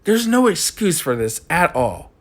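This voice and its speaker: A man's voice: a little high, very animated, unhurried. A young man giving a frustrated postgame rant as a college football fan, repeating himself and ranting.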